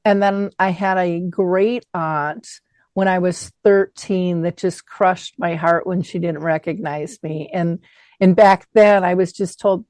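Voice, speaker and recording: A woman hosting an interview, telling family stories in an animated way and acting out the quoted voices. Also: on the low side, slow pace, dry recording. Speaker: host. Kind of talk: conversational interview.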